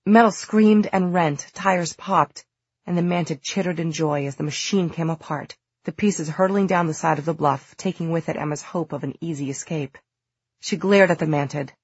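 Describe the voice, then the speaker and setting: A woman narrating an audiobook in a steady, measured storytelling manner. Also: low-pitched, breathy edge, no echo, dull audio.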